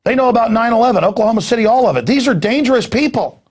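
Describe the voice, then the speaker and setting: A male talk show host delivering an angry, rapid, mocking rant with shouted bursts. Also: very high voice, lively intonation, slightly rough. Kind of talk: ranting commentary.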